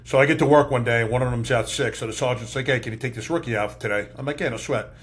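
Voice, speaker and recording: A middle-aged man hosts a podcast and rattles off stories at a rapid clip. He swears freely and throws himself into each anecdote. His pitch sits in an ordinary middle range. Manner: fast, profane, animated storyteller. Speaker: podcast host, former police officer. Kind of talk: casual interview chat, animated anecdote.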